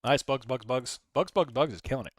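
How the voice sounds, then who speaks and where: A man's voice: mid-range voice, fairly quick, no echo. A man hosting a casual live stream, rambling, reading chat messages aloud and talking through his trades. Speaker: livestream host.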